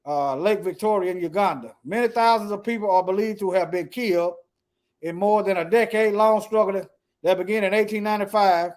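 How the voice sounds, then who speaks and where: A man with a notably high speaking voice, reading news articles aloud and commenting on them in a loose, off-the-cuff way. He hammers his points by repeating phrases and trips over words as he goes. Between points he drops to a quiet mutter, talking to himself. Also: brisk. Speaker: political commentator.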